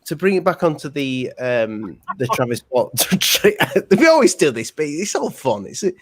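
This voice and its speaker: Easygoing host. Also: male voice, on the high side, big pitch swings, normal speed. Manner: easygoing, steering the conversation. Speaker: podcast host. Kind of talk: casual chat.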